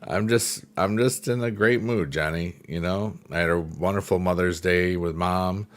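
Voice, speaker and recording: A man's voice: deep voice, measured pace. A man hosting a casual livestream, joking, laughing often and answering chat by name. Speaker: livestream host. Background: faint piano music.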